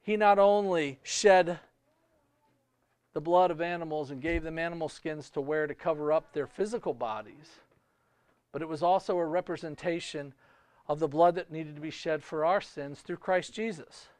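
A man preaching a sermon with a high, smooth, resonant voice. He delivers it emphatically, swinging between loud, stretched-out phrases and quieter, lower asides. The sound is dry and close. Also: moderate pace, no echo. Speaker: pastor.

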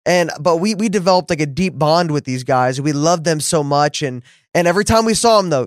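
A man's voice: fairly high pitch, expressive, brisk, hardly any pauses, no room sound, studio quality. A man hosting a podcast, chatting casually, affirming his guest and telling a story. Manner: affirming, lots of mm-hmms, storytelling. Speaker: podcast host. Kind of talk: casual conversation.

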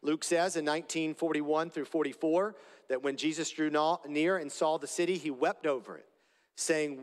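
Pastor guy preaching slow and emphatic, bit higher voice, long echo like a big hall. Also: steady tone. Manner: deliberate, emphatic, repeats key phrases. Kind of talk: sermon.

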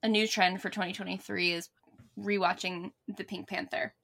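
A woman's voice: mid-range voice, level tone, gravelly, a bit bright. A young woman from the United States co-hosting a casual chat podcast, joking playfully and laughing easily. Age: young adult. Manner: playful joker, quick to laugh. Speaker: podcast co-host.

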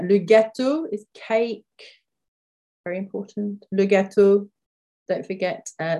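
A woman from the UK teaching vocabulary in a podcast lesson, chatty with fillers, slowing down to repeat words carefully. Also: medium pitch, darkish tone. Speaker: French teacher.

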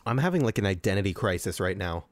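A man's voice: sits low, expressive, fast talker, dry recording. A man hosting a podcast, ranting and swearing in exasperation as he reacts to a movie into a desk microphone. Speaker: podcast host. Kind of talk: profane movie-reaction rant.

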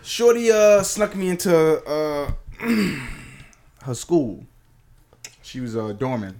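A man with a high voice that swings widely, telling a story in casual chat. He swears often and acts out each quote as he tells it. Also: takes it slowly. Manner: lively, profane, acts out quotes.

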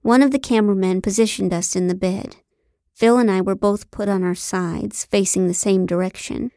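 Dry, deadpan woman narrating. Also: mid-range voice, moderate pace, dry recording. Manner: deadpan, wry. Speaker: audiobook narrator. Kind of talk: first-person comic novel narration.

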